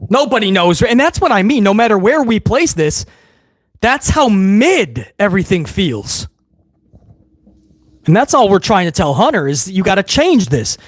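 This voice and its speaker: High-voiced, profane ranting male streamer. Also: very animated, moderate pace, no echo, clean studio sound. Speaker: wrestling watch-along host. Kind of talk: casual live-stream commentary.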